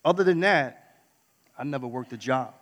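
A man's voice: mid-range voice, lively intonation, normal speed. Candid man telling his story in a hall. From New York. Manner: candid, dramatic swings between loud and hushed. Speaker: speaker. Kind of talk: personal storytelling talk. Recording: long hall reverb.

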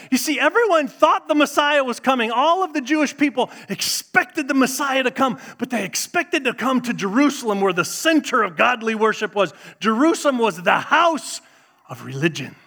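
Delivering a lively sermon, this middle-aged pastor alternates booming outbursts with quiet asides, his voice sitting high.

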